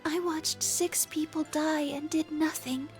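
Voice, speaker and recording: A woman giving voice to a gentle, kind young woman from a game story, very high and tender, with slow, hushed, breathy words. Faint lo-fi music plays underneath. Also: fairly even intonation. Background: faint lo-fi background music.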